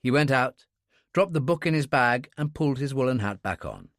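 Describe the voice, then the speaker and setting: A man with a medium-pitched voice narrates a thriller audiobook, reading his script in a steady, measured storytelling style. The recording is dry and has clean studio sound.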